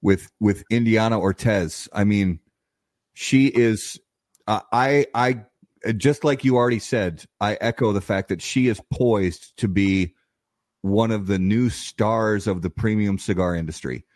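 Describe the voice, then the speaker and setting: A male host asking a guest a long, halting question with frequent restarts. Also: on the low side, a little mellow, no room sound, clean studio sound. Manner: halting, restarts often while setting up a question. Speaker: podcast host. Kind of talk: interview questions.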